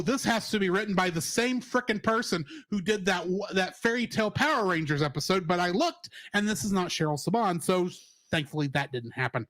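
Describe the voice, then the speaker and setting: A man's voice: high voice, a bit bright, no room sound. A man co-hosting a casual cartoon review podcast, joking and laughing often as he talks. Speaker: podcast co-host.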